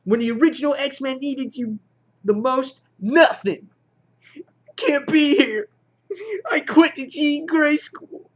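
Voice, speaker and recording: Whiny tearful young heroine, voiced by a man, raised high and loud, muffled home recording. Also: takes it slowly, long pauses. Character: whiny upset young woman superhero.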